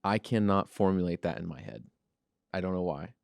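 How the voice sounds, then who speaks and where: A man's voice: sits low, animated, fairly quick, vocal fry, darkish tone, clean tone, no echo, clean studio sound. A man co-hosting a casual podcast, hesitant and self-deprecating. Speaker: podcast co-host.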